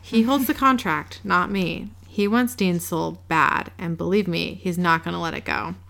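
A woman reading the lines of a sly, mocking female crossroads demon, in a low, gravelly voice. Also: normal speed, fairly bright tone. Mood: taunting. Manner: mocking, teasing.

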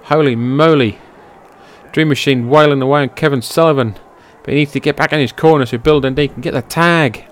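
A man giving amateur play-by-play commentary on a wrestling match, shifting from low, offhand calling to loud, high-pitched outbursts laced with swearing, into his own microphone. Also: a little fast. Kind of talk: amateur play-by-play commentary over old footage. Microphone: personal microphone.

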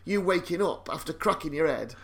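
Sweary podcast co-host, rather high. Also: male voice, lively intonation, brisk. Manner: sweary, laughs often, storytelling. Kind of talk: casual banter.

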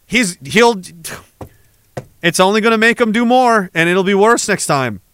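A man's voice: high-pitched, animated, unhurried, fairly bright tone, smooth. A man hosting a livestream, reading chat messages aloud in a rambling, profane, sarcastic way.

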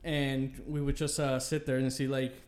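A man's voice: mid-range voice, flat delivery, normal speed. A young man chatting casually, rambling through a memory with many fillers and slang. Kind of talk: casual chat.

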